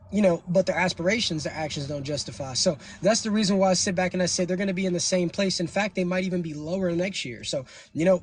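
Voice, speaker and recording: Fast-talking preachy man hosting a stream. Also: on the high side, slight background noise. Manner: preachy, lecturing, slangy. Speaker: livestream host. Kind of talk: casual livestream talk.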